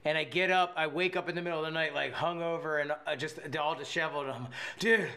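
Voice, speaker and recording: Young guy with a high bright voice rambling thru a story, lots of likes and laughing. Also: quick pace. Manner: rambling, animated, full of filler words and laughter. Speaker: podcast co-host telling a story. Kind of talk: casual storytelling chat.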